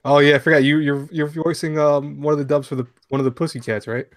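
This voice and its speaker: Fast-talking enthusiastic male host. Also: on the high side, level tone. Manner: enthusiastic fan, stumbles and restarts often. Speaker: anime YouTuber host. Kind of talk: casual live-stream interview.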